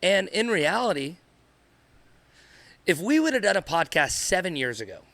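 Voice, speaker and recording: Man, high bright voice, earnest rambling podcast talk, dry sound. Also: very animated, moderate pace, no room sound. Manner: earnest, rambling, repeats himself. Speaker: podcast co-host, father. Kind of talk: candid podcast conversation.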